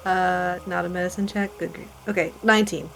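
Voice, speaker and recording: A woman's voice: lowish voice, fairly even intonation, fairly quick, creaky, a little hiss or hum. Chatty woman at a tabletop game. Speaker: player. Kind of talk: casual tabletop chat.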